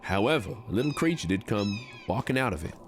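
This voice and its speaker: A man voicing a smooth-talking con man who fakes a Southern cowboy drawl, with folksy, courteous sayings in a streamed game role-play. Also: fairly low pitch, lively intonation, fast, slight background noise, close to an everyday voice. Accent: put-on Southern drawl.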